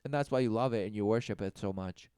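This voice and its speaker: A man delivering a mocking sermon rant, often mimicking others in high, sarcastic voices. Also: fast talker, warm tone, smooth, no echo, clean studio sound. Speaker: preacher.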